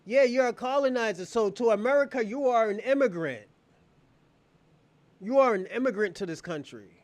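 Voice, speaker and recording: Very high-voiced man taunting viewers. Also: animated, normal speed, no room sound. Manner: taunting, mocking, breaks into laughter. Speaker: livestream host. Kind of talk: heated live commentary addressing viewers.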